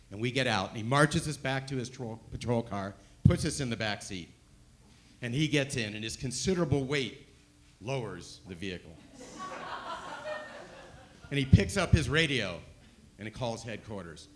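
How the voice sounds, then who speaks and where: A man telling a stand-up story, animated and swinging between loud bursts and hushed asides. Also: medium pitch, moderate pace, pauses often. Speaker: stand-up comedian.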